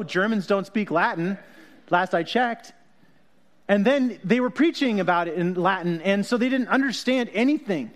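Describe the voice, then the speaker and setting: A man with a high voice preaches in a loose, chatty way. He jokes with his listeners, laughs at his own asides, and corrects himself mid-sentence. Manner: jokey, self-correcting, laughs often. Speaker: pastor. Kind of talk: conversational sermon.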